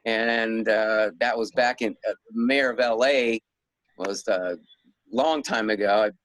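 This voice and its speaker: A man's voice: lowish voice, steady tone, slow pace, fairly bright tone, no room sound, poor audio. A middle-aged man being interviewed as an author, rambling in a casual way with frequent chuckles and restarts. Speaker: guest author.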